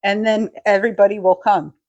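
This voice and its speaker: A woman co-hosting a podcast, recorded very dry and close. She chats casually, chiming in with quick agreement and small corrections. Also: mid-range voice, level tone, darkish tone, dry recording, lo-fi sound. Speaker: podcast co-host. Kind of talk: casual chat.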